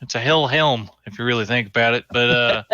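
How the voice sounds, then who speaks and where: Brash, bright-voiced man at a tabletop game. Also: medium pitch, brisk, no room sound, highs cut off. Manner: brash and salty, swearing casually. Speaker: player. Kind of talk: casual tabletop game talk.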